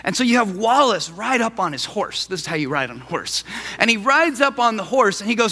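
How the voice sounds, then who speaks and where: Brief: male pastor, lively, high-pitched, chatty sermon in a reverberant church. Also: fairly quick. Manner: animated, conversational preaching.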